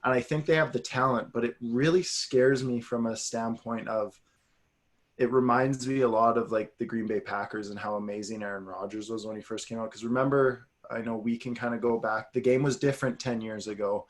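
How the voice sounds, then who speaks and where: A man chatting on a sports podcast in a loose, rambling way. His voice sits in an ordinary middle pitch. He gets animated as he wanders off on tangents. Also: brisk. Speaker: podcast co-host. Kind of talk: casual sports chat.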